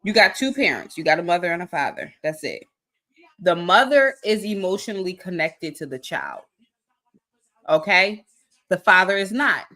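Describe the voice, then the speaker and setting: Woman, host, bright forceful voice, emphatic, casual video-call chat. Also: fairly low pitch, big pitch swings, normal speed. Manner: emphatic, asks the audience directly.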